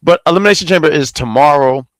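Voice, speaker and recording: A man hosting a casual podcast, lively and jokey, stumbling over his words now and then. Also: fairly high pitch, fast, dry recording. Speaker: podcast host.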